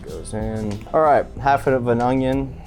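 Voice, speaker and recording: A man's voice: medium pitch, steady tone, measured pace, a little mellow, faint music behind. A man hosting a casual cooking show, chatty and easygoing as he walks through each step.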